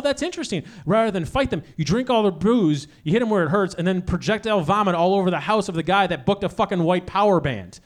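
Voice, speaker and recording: A man in his thirties hosts a comedy night, his voice sitting high for a man and leaping all over the place as he tells stories. He rambles and lands his punchlines loudly, in the manner of an animated stand-up act. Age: 30s. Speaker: comedy show host. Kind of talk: stand-up storytelling.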